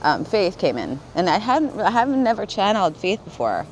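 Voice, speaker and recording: A woman's voice: medium pitch, sing-song, brisk, a little hiss or hum, rough recording. A woman vlogging in a rambling, casual way, swearing freely, laughing often and smoking while she talks. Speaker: spiritual vlogger.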